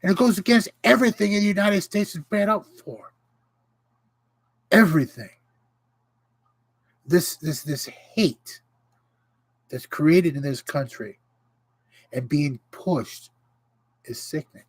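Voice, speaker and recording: A man's voice: fairly high pitch, slow, long pauses, no echo, low-quality recording. Fired-up man ranting on a livestream. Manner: impassioned, indignant, greets viewers mid-rant. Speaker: livestream host. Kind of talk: casual livestream rant.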